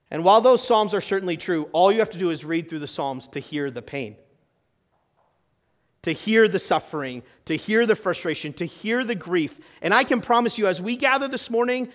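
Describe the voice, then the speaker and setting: A pastor preaching to his church in a conversational way, asking the room questions and swinging between loud emphasis and quiet, hushed lines. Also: high voice, expressive, moderate pace. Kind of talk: sermon.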